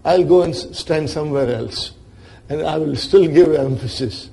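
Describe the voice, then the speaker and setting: A man's voice: on the high side, moderate pace, gravelly, mellow. A man voicing a personified letter that insists on its job in a classroom story. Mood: insistent. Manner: insistent, matter-of-fact.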